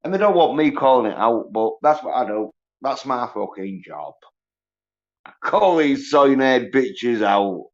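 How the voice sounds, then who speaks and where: A man ranting profanely on a solo livestream, mocking others in high whiny voices. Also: expressive, measured pace. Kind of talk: angry solo livestream rant. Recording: dull lo-fi stream audio.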